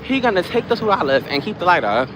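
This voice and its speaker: A man chatting casually on a live stream while walking outdoors, rambling from one topic to the next with quick asides. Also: high-pitched, very animated. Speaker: livestream host. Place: outdoors on a busy city street. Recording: noisy street with passing traffic.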